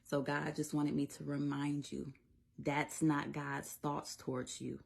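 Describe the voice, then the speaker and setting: Low husky mother giving gentle encouragement. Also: little pitch movement, measured pace. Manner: earnest, reassuring, laughs often. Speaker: faith content creator. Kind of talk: casual devotional encouragement.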